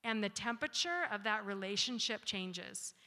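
A woman in her forties giving a talk with slides, telling parenting stories and acting out her children's lines in an animated way. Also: mid-range voice, moderate pace, big-room sound. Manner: animated storyteller, acts out her kids' voices. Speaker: speaker giving a talk on grace.

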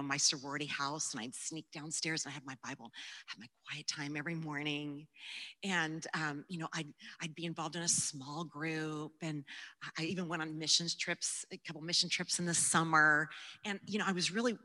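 A woman giving a personal testimony and Bible teaching, talking earnestly and conversationally and sometimes dropping to a hush. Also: low voice, steady tone, brisk. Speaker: Christian speaker teaching the Bible. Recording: long hall reverb.

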